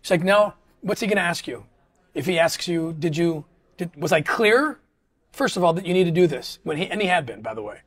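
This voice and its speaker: A middle-aged man speaks earnestly as a guest in a casual interview, his voice a little high, expressive, and slightly bright. He keeps halting and restarting his sentences as the conversation goes on.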